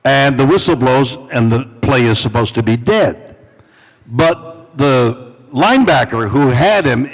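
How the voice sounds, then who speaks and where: Theatrical older man in a reverberant hall. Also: mid-range voice. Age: 80s. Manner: dramatic, theatrical pauses, playful teasing of fans. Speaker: celebrity guest at a fan convention Q&A. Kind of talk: animated storytelling on stage. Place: large convention hall. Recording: long hall reverb from a convention stage.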